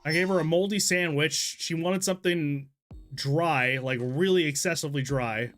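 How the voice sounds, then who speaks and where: A man's voice: a little high, moderate pace, fairly bright tone, soft background music. Swearing casual man streamer. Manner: rambling, swears freely, laughs at himself. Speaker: streamer playing a story game. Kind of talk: casual let's-play commentary.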